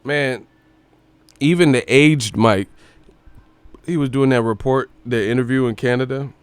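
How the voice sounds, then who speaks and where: A young man hosting a casual boxing live stream, talking loosely and profanely, now and then doing quick impressions. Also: medium pitch, smooth, dry recording. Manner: profane, animated, slips into impressions.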